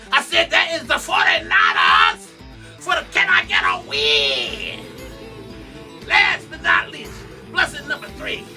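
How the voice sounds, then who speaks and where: A performer putting on the voice of a shouting male revival preacher, preaching sports picks in call-and-response style. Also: very high voice, recorded from a distance, heavily acted. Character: shouting revival preacher, grown man, impression. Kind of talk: mock sermon, sports picks.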